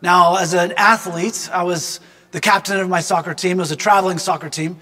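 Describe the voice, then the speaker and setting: A man's voice: high-pitched, fairly even intonation, fairly quick, sharp tone, in a large hall. A man giving a devotional reflection through personal storytelling. He is earnest and reflective and speaks directly to the listener.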